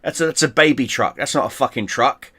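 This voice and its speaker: A man hosting a casual stream, spinning a lively story at a middling pitch. He swears freely, gets animated and keeps restarting his sentences as he goes. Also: brisk, husky. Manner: profane, animated, with frequent restarts. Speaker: streamer host.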